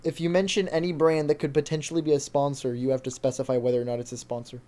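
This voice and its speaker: A man's voice: on the high side, little pitch movement, fast, mellow. A young man in his late teens telling a story on a casual podcast, rambling with lots of fillers, on a desktop mic with a pop filter at home. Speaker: podcast co-host. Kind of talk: casual chat. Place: home desk setup.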